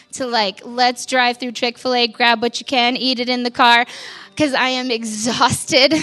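A woman gives a personal testimony in a church. She speaks candidly and conversationally, with filler words and self-deprecating laughs. Her voice is bright and a little high, with faint music playing behind her. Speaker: pastor's wife giving a testimony.

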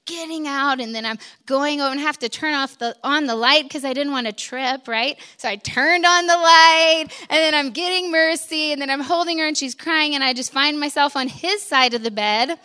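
Woman preacher, 30s, bright and fairly high voice, chatty storytelling sermon. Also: a little fast, few pauses. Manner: conversational storytelling, acts out scenes. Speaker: pastor's wife preaching.

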